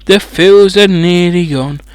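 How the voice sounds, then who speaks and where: A man's voice: sits high, slow, smooth, dry recording. A man reading a children's fantasy book aloud as a comedic audiobook, breaking off into rambling, sweary, mocking asides. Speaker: audiobook reader.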